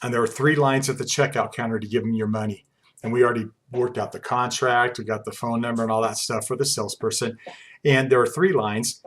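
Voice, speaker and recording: A male college instructor in his forties lectures quickly and casually. He keeps it conversational, leaning on personal stories. His voice sits at an ordinary middle pitch. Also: steady tone, fairly bright tone. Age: 40s. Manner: fast-talking, conversational, uses personal anecdotes. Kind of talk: classroom lecture.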